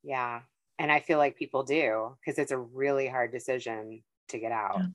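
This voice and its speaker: Woman host, deep voice, gentle, supportive, dry close sound. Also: fairly even intonation, moderate pace, no echo. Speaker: podcast host. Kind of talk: casual interview talk.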